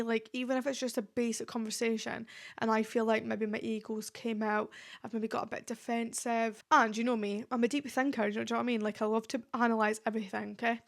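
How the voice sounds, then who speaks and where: Woman, podcast host, casual rambling chat, slightly high and gravelly, lots of fillers. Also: flat delivery, brisk. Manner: chatty, rambling, heavy use of "like" fillers. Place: at home. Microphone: podcast microphone.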